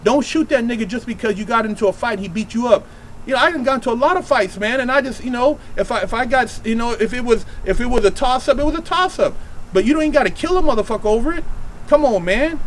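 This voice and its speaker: Heated middle-aged male host, high-pitched, preachy street talk, light background hiss. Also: animated, fast, poor audio. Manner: blunt, profane, preachy and heated. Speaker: show host speaking from prison experience. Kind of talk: direct street-style advice to youth.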